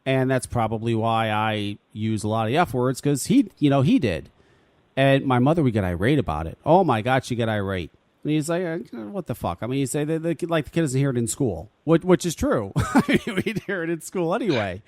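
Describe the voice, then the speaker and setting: A man's voice: mid-range voice, sing-song, fairly quick, a little mellow, dry recording. A man hosting a casual podcast, laid-back and casually profane. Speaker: podcast host.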